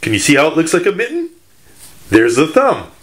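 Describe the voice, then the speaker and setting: A man's voice: a little high, wildly swooping pitch, brisk, a bit bright. A man from Michigan, a children's author, giving an educational talk for children in a teacherly, playful way with puns.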